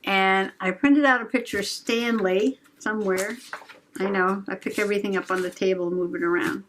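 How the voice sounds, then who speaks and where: A woman's voice: medium pitch, fairly even intonation, a bit bright, slight background noise. A middle-aged woman from the United States hosting a journaling video, chatting casually and giggling as she crafts. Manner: chatty, giggly, slow and rambling. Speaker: journaling channel host.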